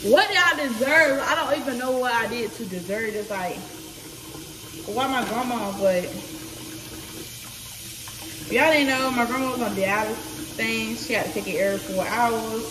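A young woman tells a personal story to her viewers in a slow, halting way, full of fillers. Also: on the high side, background noise. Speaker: vlogger. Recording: echoey room from a distance, running water.

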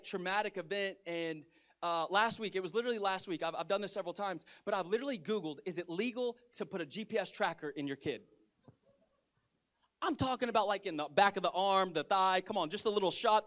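A male pastor preaching a sermon, telling a story and calling out to the congregation. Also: high voice. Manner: lively storytelling with audience call-outs. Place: church sanctuary.

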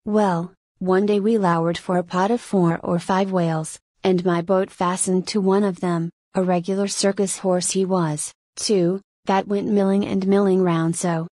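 A woman's voice: fairly low pitch, a little mellow, dry recording, natural voice. A woman voicing a one-armed English whaling captain who spins a long, rambling yarn with good humor.

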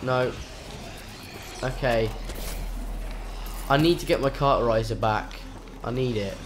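A man's voice: medium pitch, measured pace, a little hiss or hum. A man commentating his own game live, swearing often, with frustrated outbursts and panicked yelps. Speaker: gaming channel host.

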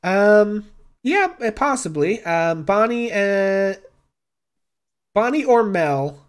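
A game master narrating a tabletop game, halting and full of fillers. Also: medium pitch, big pitch swings, clean tone.

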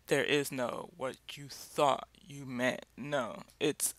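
Slow gravelly man leading Bible talk. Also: medium pitch, fairly bright tone, no room sound. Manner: slow, halting, many fillers and restarts. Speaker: Bible study leader. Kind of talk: casual teaching talk.

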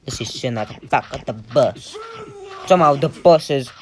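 A young gamer giving casual, excitable commentary on play, swearing often and breaking into silly singing. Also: mid-range voice, normal speed. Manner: excitable, swears a lot, sings and squeals. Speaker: gameplay commentator.

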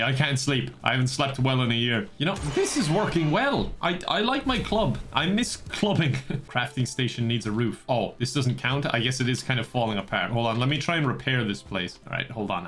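A man in his young adult years talks through a game as he plays, at a medium pitch, full of dry self-mockery and frequent laughs. When something surprises him he jumps into high startled yelps before settling back into easy chatter on a close microphone. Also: a bit bright. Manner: jokey, self-mocking, laughs often, sudden high yelps. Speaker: gaming YouTuber. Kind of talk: casual gameplay commentary.

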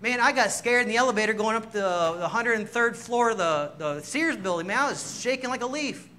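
A man's voice: high-pitched, animated, a little fast, bright, forceful tone, a little hiss or hum. A man preaching a sermon in a church, telling stories about himself with self-mocking humor and laughing as he goes. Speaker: pastor. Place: church sanctuary.

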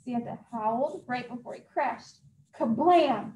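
A woman librarian reading a story aloud at a children's story time, very expressive and acting out sound effects. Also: high voice, moderate pace, a little hiss or hum. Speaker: youth services librarian. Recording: echoey room.

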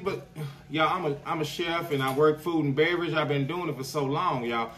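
A man's voice: on the high side, brisk, a bit bright. A man, a chef, chatting his way through a casual food review at home and constantly addressing viewers as "y'all.". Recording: voice a bit far from the mic.

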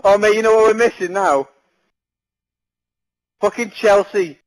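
A man on a headset in game party chat, loud and laughing, teasing his mates crudely. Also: high-pitched, measured pace, rough recording. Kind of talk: casual gaming banter.

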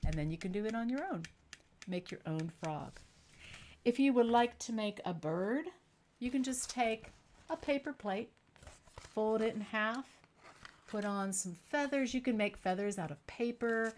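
A middle-aged woman storyteller guiding young children through a simple craft and answering their questions slowly and clearly. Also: on the high side, a little hiss or hum. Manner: warm, patient, slow and clear for young children.

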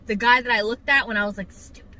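Bright-voiced, animated young woman. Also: a little high, fast, rough recording. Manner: animated, profane, emphatic storytelling. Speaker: vlogger. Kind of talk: casual storytelling to her mother.

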